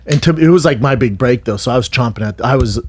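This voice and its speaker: A man's voice: medium pitch, fast talker, a little hiss or hum. A man telling rambling, profane stories in a casual podcast chat. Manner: rambling, profane, animated storytelling with restarts. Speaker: podcast guest, former fighter.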